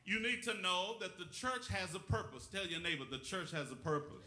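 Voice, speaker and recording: A male pastor delivers a sermon in a church sanctuary, his voice bright and forceful. He preaches in a rhythmic call-and-response style, calling on the congregation to answer him. The room adds a strong echo around every word. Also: sits high, brisk. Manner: rhythmic preaching, calls for witnesses.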